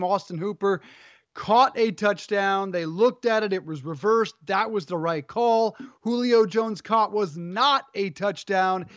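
A man's voice: high voice, no room sound, muffled recording. A man hosting a sports talk show, upbeat and teasing as he tosses questions to his co-host.

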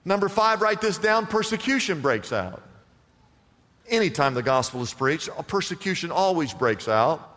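A male pastor with a high, animated voice preaches a sermon at normal speed, using call-and-response questions with the congregation. He is in a church sanctuary, and the large room gives a long reverb.

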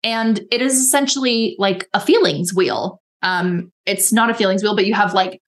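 A woman's voice: mid-range voice, moderate pace. A woman coach talking earnestly in a casual podcast conversation, often acting out her own inner dialogue in quoted voices. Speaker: guest coach.

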